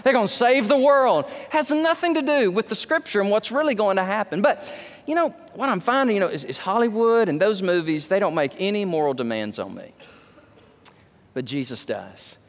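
A man preaching a sermon as pastor, animated, with wide swings in pitch and loudness. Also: a little fast, long reverb tail.

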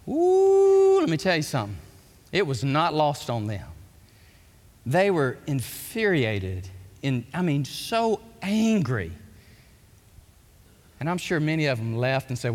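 A male pastor preaching a sermon, with animated shouts and quick drops to asides. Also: on the high side, big-room sound.

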